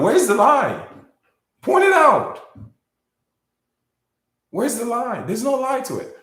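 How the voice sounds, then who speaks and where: Speaking at a medium pitch in a roomy-sounding recording, a man hosts his own video with a casual, meandering monologue to camera. He tends to repeat words and scolds those who criticize him.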